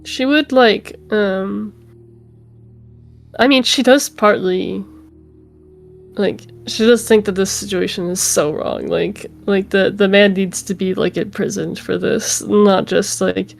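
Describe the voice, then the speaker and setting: A woman's voice: mid-range voice, fairly even intonation, takes it slowly, gravelly, faint music behind. A woman playing a tabletop game, talking hesitantly with lots of fillers. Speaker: player. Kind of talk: casual tabletop play.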